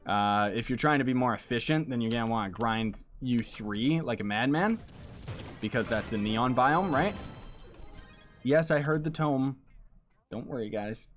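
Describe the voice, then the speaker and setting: Soft music plays behind a streamer with a mid-range voice and slightly slow delivery. He rambles loosely to his viewers as he games live, leaning heavily on slang.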